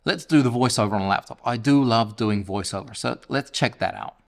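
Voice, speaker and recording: A man's voice: medium pitch, brisk, creaky. A man in his forties with a London English accent, casually reviewing a microphone in a small home studio and laughing at his own slips. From England. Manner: chatty, self-mocking, stumbles over words. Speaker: gear reviewer, host. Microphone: camera-mounted shotgun mic about arm's length away.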